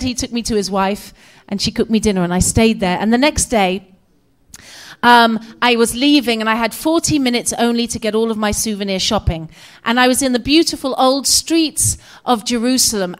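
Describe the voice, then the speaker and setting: A British woman in her forties tells a personal story to an audience, her voice a little high. She is animated and expressive. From Britain. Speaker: guest speaker. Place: community center hall.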